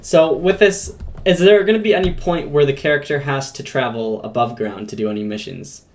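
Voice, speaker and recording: A male podcast host chats casually with a small game team, speaking fairly quickly in a mid-range voice. He laughs easily and asks loose, rambling questions that he often restarts.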